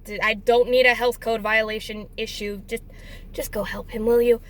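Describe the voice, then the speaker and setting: A young woman quoting her impatient male manager in a slightly lower, hurried voice. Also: little pitch movement, lightly acted.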